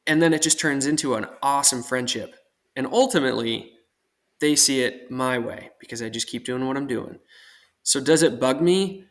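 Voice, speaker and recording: A man from Oregon speaks as a podcast guest, earnest and reflective. He talks at a medium pitch, thinking his points through at length in a relaxed conversational way. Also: moderate pace. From Portland, Oregon. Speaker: guest, armorer.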